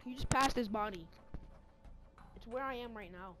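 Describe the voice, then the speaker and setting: A woman giving casual gaming commentary while playing with a friend, excitable and trash-talking with loud outbursts, on a headset mic. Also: a little high, normal speed, music in the background.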